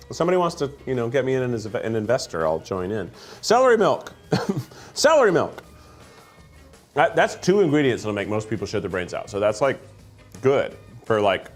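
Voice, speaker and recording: A man hosting a casual food-tasting chat, joking and rambling and laughing easily between bites. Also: medium pitch. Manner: jokey, rambling, quick to laugh. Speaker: host. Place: studio set with food conveyor belt.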